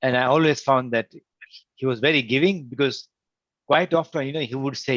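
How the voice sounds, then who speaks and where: A man recounts anecdotes on a livestream panel, acting out the voices in his stories. His pitch sits in the middle range. The sound is dry and dull, with no room echo. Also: brisk. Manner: animated storyteller acting out quotes. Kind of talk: anecdotal storytelling in discussion.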